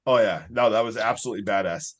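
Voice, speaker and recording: A man's voice: lowish voice, fast talker. Casual man retelling a horror movie. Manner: animated retelling of scenes, heavy use of "like". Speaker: podcast co-host. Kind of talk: casual movie review chat.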